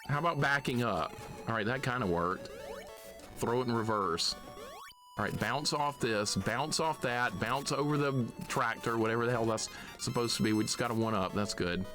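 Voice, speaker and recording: A man's voice: medium pitch, normal speed, over music. A man from Alabama giving live commentary on a retro game, swearing at it and chuckling often. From Alabama, USA. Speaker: streamer.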